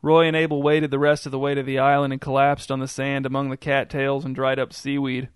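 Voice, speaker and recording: A man reads a story aloud with an unhurried, even delivery. His voice is smooth and resonant, and his intonation barely moves. The recording is dry and close. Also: medium pitch, dry recording. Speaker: narrator. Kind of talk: scripted story narration.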